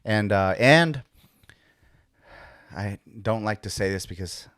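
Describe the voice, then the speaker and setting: A man's voice: on the low side, lively intonation, slow pace, fairly bright tone, no echo, studio quality. A young man co-hosting a podcast in casual chat, blunt and swearing freely. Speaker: podcast co-host.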